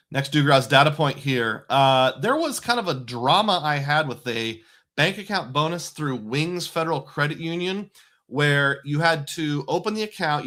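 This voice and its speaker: A man's voice: a little high, a bit bright. A man hosting a casual livestream about credit cards and bank bonuses, talking in a chatty, rambling way with many asides. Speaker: personal finance host.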